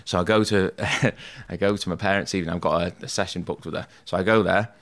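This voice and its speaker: A man with a low voice, talking easily and at length about his past. He fills his stories with "like" and "mate" and pokes fun at himself. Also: fairly even intonation, fast, a bit bright. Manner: chatty, self-deprecating, says "mate" and "like" a lot. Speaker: podcast guest, tattoo artist. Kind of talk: casual storytelling in an interview.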